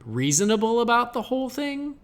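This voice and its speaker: A man's voice: very high voice, very animated, brisk, slight background noise. Enthusiastic man recounting scenes. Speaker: podcast co-host. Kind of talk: casual chat.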